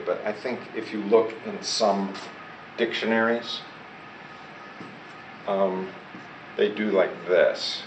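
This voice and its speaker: A man teaching a class, prompting his students to repeat words and answer his questions. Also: fairly low pitch. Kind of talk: classroom lesson. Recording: echoey classroom recorded from far off with loud background noise.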